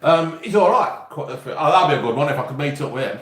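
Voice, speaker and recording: On his live stream, a YouTube host from England with an East Midlands accent rambles and swears casually as he chats with viewers. His voice runs on the high side and a bit bright, animated and quick, and the room is echoey.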